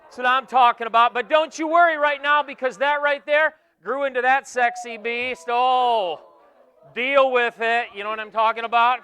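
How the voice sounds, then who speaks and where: A man in his forties giving an energetic motivational keynote talk to students, joking and teasing the crowd, swinging from loud bursts to hushed asides. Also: very high-pitched, moderate pace, clean tone. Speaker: keynote speaker. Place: conference hall with a student audience.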